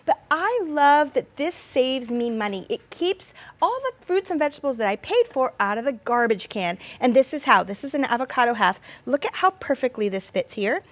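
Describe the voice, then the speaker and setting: Woman, high voice, gushing shopping-channel presenter, chatty demo. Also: sing-song, moderate pace, few pauses. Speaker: guest presenter. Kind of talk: home shopping demonstration.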